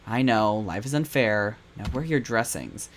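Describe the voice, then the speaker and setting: A British man voicing an earnest young male vet assistant who talks gently and coaxingly. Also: lowish voice, expressive, moderate pace, close to an everyday voice. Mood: gentle.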